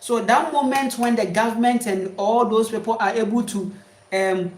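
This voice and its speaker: A woman's voice: a little high, normal speed, darkish tone, a little hiss or hum. A woman giving an emphatic, repetitive spiritual talk to her viewers. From Ghana. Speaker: spiritual speaker. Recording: roomy echo.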